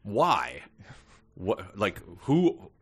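A male podcast co-host whose voice swings widely up and down as he jokes. He sounds incredulous and animated. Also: fairly low pitch, extremely slow, slightly rough. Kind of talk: casual chat.

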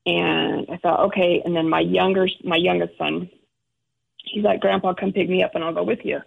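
A middle-aged woman, a guest, telling an emotional personal story in halting, restarting speech. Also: on the low side, level tone, gravelly, breathy edge. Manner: halting, restarts often, acts out quoted relatives. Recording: phone-like narrow sound.

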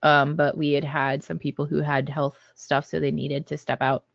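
A man, a game designer guest on a podcast, talking in a measured way with frequent ums. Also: a little high, level tone, gravelly, fairly bright tone, no room sound. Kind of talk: casual podcast chat. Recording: dull, dry lo-fi audio.

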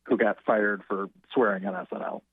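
A man guest tells a long anecdote by phone, rambling and halting, restarting his sentences often. The line is thin and tinny. The sound is completely dry. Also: fairly low pitch, fairly even intonation, husky, no echo. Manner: halting, self-correcting. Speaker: interview guest, writer. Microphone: telephone.

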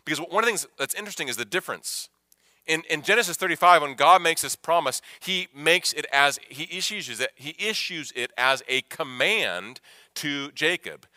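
A man preaching a sermon as pastor, emphatic, repeating phrases and swinging from hushed to loud. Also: on the high side, lively intonation, moderate pace, no echo, clean studio sound.

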